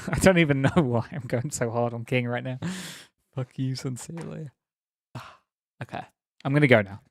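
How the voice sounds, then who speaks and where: A man's voice: medium pitch, fairly quick, no room sound, clean studio sound. A young man chatting casually on a live stream, rambling, laughing often and teasing viewers.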